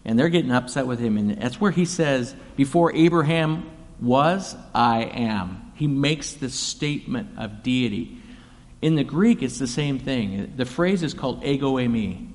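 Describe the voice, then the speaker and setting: A man preaching a sermon in a relaxed, conversational way, retelling scripture in casual everyday words. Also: mid-range voice, normal speed, big-room sound. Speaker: pastor.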